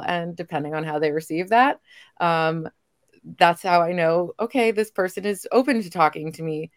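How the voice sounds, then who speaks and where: A woman's voice: on the low side, normal speed, no room sound, studio quality. A woman guest in an interview chat, openly telling personal stories. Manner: open, personal storytelling.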